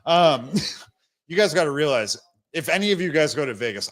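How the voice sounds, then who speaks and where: Young man, livestream host, fairly high voice, blunt, rambling, restarts, hiccups, short of breath. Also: very animated, brisk, fairly bright tone. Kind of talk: casual livestream commentary.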